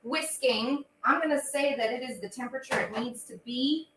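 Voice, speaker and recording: A woman's voice: sits high, normal speed, heavy background noise. Chatty young woman in an echoey kitchen. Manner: chatty and bubbly, with frequent fillers. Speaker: host and singer. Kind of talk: casual livestream chat while baking. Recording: echoey room with faint ambience.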